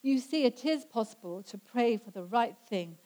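A woman preaching a sermon in an earnest way, slowing down to stress scripture quotes. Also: on the high side, expressive, darkish tone, rough recording. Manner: earnest, slows down for emphasis when quoting scripture.

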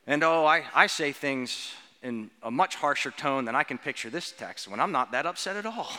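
A man preaching a sermon with earnest emphasis, slowing down on key words and putting questions to the children. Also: on the high side, sharp tone. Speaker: pastor. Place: church sanctuary. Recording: long church reverb.

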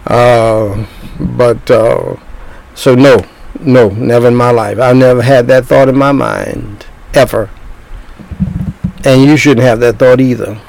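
Gravelly-voiced older man preaching. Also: medium pitch, fairly even intonation, takes it slowly, darkish tone, low-quality recording. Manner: preaching with repeated words and restarts. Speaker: pastor. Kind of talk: sermon.

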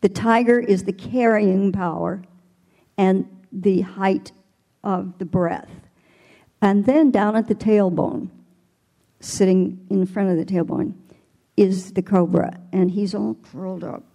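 Older woman voice teacher, mellow tone. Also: mid-range voice, steady tone, slow. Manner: thoughtful, demonstrative with vocal imagery. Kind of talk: panel interview answer.

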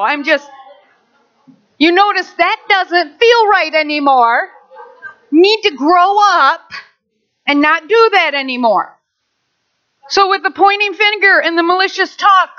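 High, bright-voiced woman preaching. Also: unhurried, long pauses. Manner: animated preaching, asides and rhetorical questions. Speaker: pastor. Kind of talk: sermon. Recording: dull lo-fi recording.

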